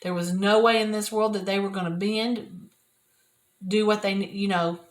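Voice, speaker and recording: An older woman, sharing a personal devotional talk from her office in an earnest, repetitive, often soft-spoken way. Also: mid-range voice, steady tone, moderate pace, a little hiss or hum. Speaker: Christian video host. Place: private office at work.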